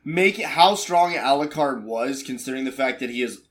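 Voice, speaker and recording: A man's voice: medium pitch, expressive, normal speed, fairly bright tone. A man in casual podcast chat, joking and frank, with plenty of swearing.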